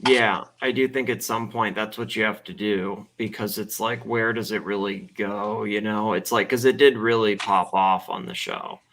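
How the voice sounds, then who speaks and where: A man's voice: on the low side, fairly even intonation, moderate pace, hardly any pauses, fairly bright tone. A man hosting a livestream, chatting loosely with lots of fillers and trailing thoughts. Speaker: livestream host. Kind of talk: casual livestream chat.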